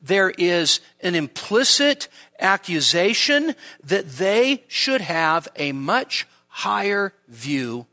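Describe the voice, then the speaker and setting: A male preacher gives a teaching sermon at a church service, taking his time over each point. His voice sits a little high and sounds bright and forceful. He puts rhetorical questions to the congregation and sinks into quiet asides. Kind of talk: expository sermon.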